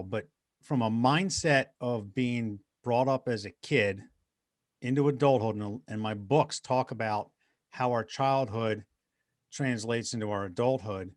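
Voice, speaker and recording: A man's voice: medium pitch, unhurried, no room sound, clean studio sound. A middle-aged man, a guest motivational speaker, telling personal stories in an earnest, conversational interview style. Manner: earnest, anecdotal, addresses host by name.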